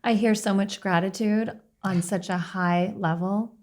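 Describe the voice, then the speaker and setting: A woman hosting a podcast interview, affirming her guest warmly in casual conversation. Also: mid-range voice, fairly even intonation, unhurried. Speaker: podcast host.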